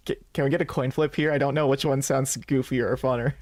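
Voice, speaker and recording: A young man chats casually on a gaming podcast in a mid-pitched voice, giggling as he reads lines aloud. His voice is goofy and relaxed, and the recording is dry and close to the mic. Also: quick pace, hardly any pauses, no echo. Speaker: podcast host playing a game. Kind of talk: casual let's-play chat.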